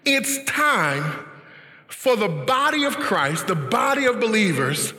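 A man preaching a sermon, emphatic, often rising to shouts and laughing. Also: high-pitched, big pitch swings, slow pace, roomy sound, big-room sound.

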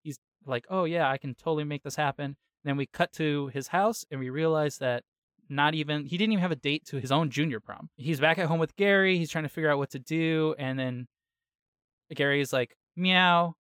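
A man hosting a casual podcast, retelling a cartoon episode in a lively, slangy way with quick asides. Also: fairly high pitch, clear, resonant tone, dry recording, clean studio sound. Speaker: podcast host. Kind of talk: casual chat, episode recap.

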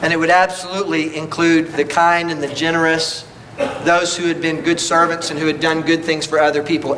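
A male preacher delivering a Sunday sermon, pressing his listeners with one rhetorical question after another. His voice sits high and rings bright and forceful, with a faint hum of the room behind him. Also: fairly even intonation, brisk, rough recording. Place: church service.

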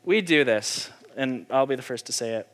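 A man's voice: mid-range voice, steady tone, normal speed, fairly bright tone. A man, a pastor, giving a conversational sermon, talking casually with lots of fillers and then breaking into sudden emphatic bursts.

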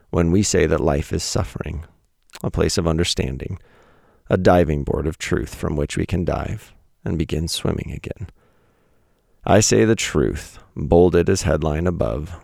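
This podcast host, a man in his thirties, shares his weekly writing by reading his own essay to listeners, casual and wry, poking fun at himself and tossing in blunt asides. His voice is very deep and gravelly, slightly mellow, captured dry with clean studio sound.

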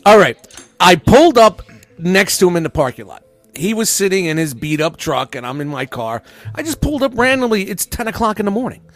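A middle-aged podcast host tells a furious story packed with swearing, acting out both sides of an argument in a raised voice. He speaks a little fast in a high voice, very animated. The recording has no room sound, with faint music behind him.

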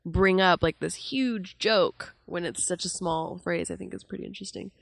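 A woman's voice: fairly low pitch, moderate pace, gravelly, no room sound. A young woman and comic in casual chat, talking loosely with lots of "like". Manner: laughs often, fillers like "like". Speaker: podcast guest, comic.

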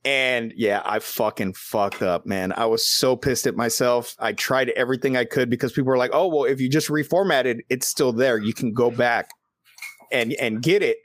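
A male podcast host tells stories with animated energy and swears at every turn. His voice sits in an ordinary middle pitch. The sound is dry and close, with no room echo. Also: moderate pace. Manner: animated, heavily profane. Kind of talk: casual storytelling chat.

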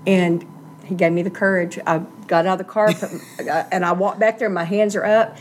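Middle-aged woman telling her story, plain and earnest, bit halting, faint hiss behind. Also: on the low side, fairly even intonation. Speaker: guest sharing recovery story. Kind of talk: personal testimony, casual storytelling.

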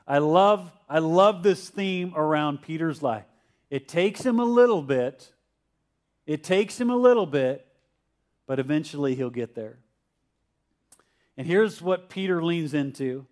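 A man's voice: on the high side, lively intonation, unhurried, pauses often, a little mellow. A male pastor giving a conversational sermon and asking his congregation questions. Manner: acts out Peter's confused voice.

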